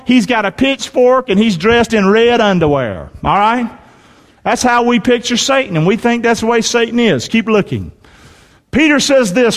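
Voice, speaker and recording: Man, pastor, fiery folksy sermon, high voice, reverberant church hall. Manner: emphatic preaching, calls for congregation response, folksy asides. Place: church sanctuary.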